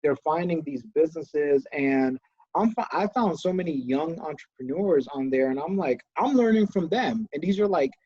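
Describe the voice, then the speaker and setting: A man co-hosting a casual business podcast, talking with enthusiasm and telling animated stories. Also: a little high, moderate pace, breathy edge, dry recording, lo-fi sound. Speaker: podcast co-host, business owner.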